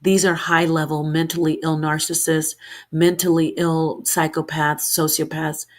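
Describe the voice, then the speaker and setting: A streamer whose voice sits somewhat low rants unscripted to her livestream audience, heated and defensive as she rambles between points and keeps restarting her sentences. Even so, her tone stays level and her pace measured.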